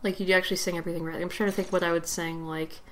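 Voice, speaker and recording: A woman's voice: fairly low pitch, little pitch movement, rapid-fire, fairly bright tone, poor audio. A young woman giving casual gameplay commentary, rambling with lots of fillers and giggles. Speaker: let's play host.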